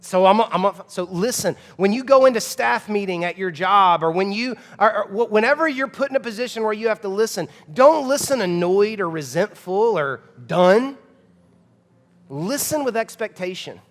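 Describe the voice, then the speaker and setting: A man's voice: high voice, expressive, normal speed, long reverb tail. A man in his thirties preaching a sermon as pastor, emphatic and conversational, with frequent rhetorical questions to the congregation. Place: church auditorium.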